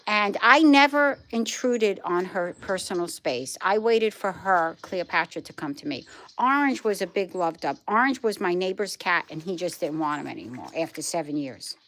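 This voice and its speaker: Chatty, rambling middle-aged woman, low voice. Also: lively intonation, normal speed, fairly bright tone. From Brooklyn, New York. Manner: chatty, rambling storyteller who trails off and restarts. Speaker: live-stream host. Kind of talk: casual chat answering viewer comments.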